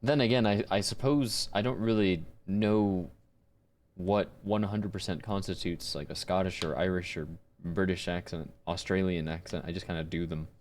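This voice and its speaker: Guy streaming, lowish voice, rambling casual chat, echoing lines he hears. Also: fairly even intonation, normal speed, darkish tone, a little hiss or hum. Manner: musing aloud, mimicking clips. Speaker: streamer and voice actor.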